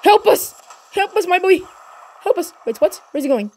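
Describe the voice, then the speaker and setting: A woman giving excited gameplay commentary, cheering and shouting encouragement at her teammate. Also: extremely high pitch, moderate pace, a little hiss or hum. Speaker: gaming channel host.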